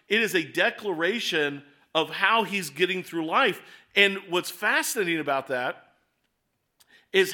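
A pastor delivers a sermon, his voice a little high with a sharp tone. He explains scripture conversationally and reads verses aloud, slowing down and speeding up for emphasis.

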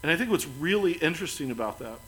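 A man preaching a sermon as pastor, earnest, building to emphatic lines and then dropping soft and quiet. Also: on the high side, lively intonation, fast talker, rough recording.

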